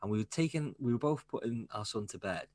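A man's voice: fairly low pitch, lively intonation, fast, darkish tone, no echo. A man co-hosting a podcast, chatting casually and jokingly about films with rambling asides. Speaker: podcast co-host. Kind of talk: casual film chat.

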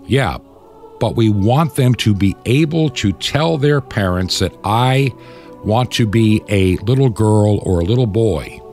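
An older American man hosts Christian talk radio, delivering impassioned, preachy commentary and mocking opponents in quoted voices. His voice is lowish and darkish, unhurried yet lively in intonation. Soft music plays behind him.

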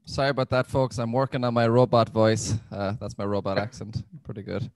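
A man's voice: medium pitch, fairly even intonation, a little fast, no room sound. An Irish man performing a stand-up set, self-deprecating and loose, often restarting his sentences. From Ireland. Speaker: stand-up comedian.

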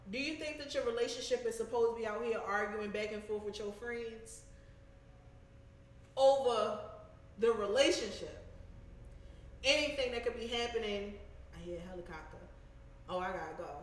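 Blunt high-voiced woman in an echoey room. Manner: blunt, animated, profane. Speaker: show host. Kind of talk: casual storytelling chat.

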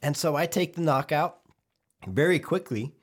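A man's voice: a little high, moderate pace. A man on a podcast telling a gaming story in casual chat, swearing freely and acting out what people said. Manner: animated, swears, acts out quotes. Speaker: podcast host.

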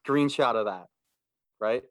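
A relaxed man chatting as a podcast co-host, his voice sitting in a middle register. He laughs easily and talks in an easygoing way. The sound is dry and close. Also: mid-range voice, a little slow, no room sound. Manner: laid-back, laughs easily. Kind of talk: casual chat.

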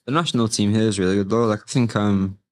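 A man's voice: fairly low pitch, fast talker. A man, a grappling coach chatting casually in an interview, rambling with many fillers. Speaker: MMA fighter and grappling coach, guest.

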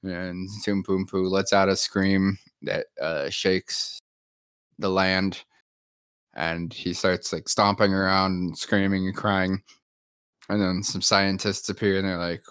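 A man's voice: deep voice, flat delivery, slow, fairly bright tone, clean tone, no echo. A man improvising a silly story in casual chat, playful and laughing often.

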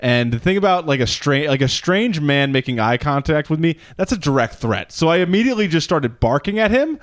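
A man co-hosting a casual comedy podcast, rambling and jokey, swearing freely and jumping into silly high voices. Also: very animated, a little fast, no room sound, studio quality. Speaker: podcast co-host.

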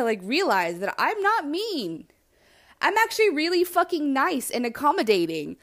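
Blunt, foul-mouthed woman talking candidly. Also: on the high side. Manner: blunt, swears a lot, animated and self-reflective. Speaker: podcast host. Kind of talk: candid solo monologue.

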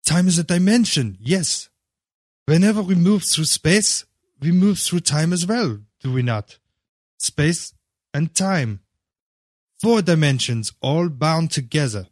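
A man's voice: on the high side, expressive, slow pace, darkish tone, no echo, clean studio sound, pitched above the performer's own voice. A man voicing an earnest, idealistic seventeen-year-old boy who speaks politely and formally. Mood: eager.

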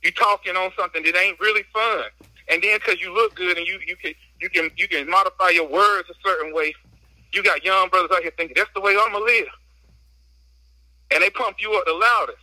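Out walking, a male podcast guest speaks into his phone in a high, very bright, sharp voice, a little out of breath but steady in tone and quick in pace. He vents emphatically and slangily in a casual chat. The low-quality recording is dry and close, with no room sound at all.

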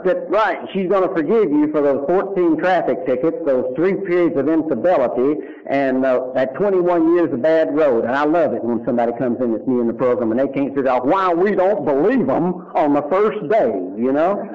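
A middle-aged man with a Kentucky accent, an animated storyteller giving his personal testimony at a recovery meeting who drops to hushed tones for serious moments. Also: on the high side, normal speed, hardly any pauses. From Louisville, Kentucky. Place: meeting room before a live audience. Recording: lo-fi early 1990s tape recording.

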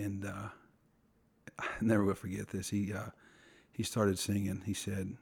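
A middle-aged man telling a personal faith story on a podcast, earnest and halting, often restarting his sentences. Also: on the low side, level tone, vocal fry, darkish tone, slightly rough. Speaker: podcast guest.

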